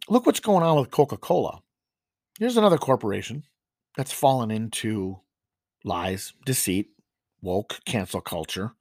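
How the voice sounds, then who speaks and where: A man hosting a Christian commentary show, preaching in an emphatic monologue that swings into loud, indignant outbursts. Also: medium pitch, no echo, clean studio sound.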